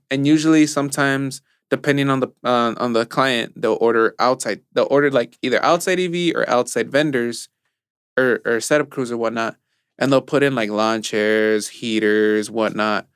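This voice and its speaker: His mid-range voice is clean and a bit bright, captured in studio quality with no room sound. He's a young Mexican man co-hosting a laid-back podcast, recounting work stories and weaving in Spanish phrases.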